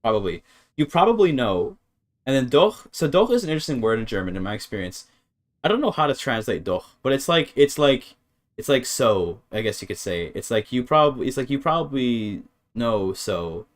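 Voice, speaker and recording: A man's voice: medium pitch, big pitch swings, normal speed. Hesitant man thinking aloud on stream. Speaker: streamer learning a language. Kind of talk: casual game-stream commentary.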